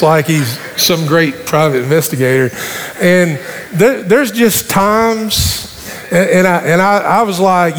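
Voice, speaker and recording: A man's voice: high-pitched, slow pace. A man in his sixties, a pastor preaching a conversational sermon with folksy storytelling that builds in emphasis. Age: 60s. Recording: long hall reverb, faint background noise.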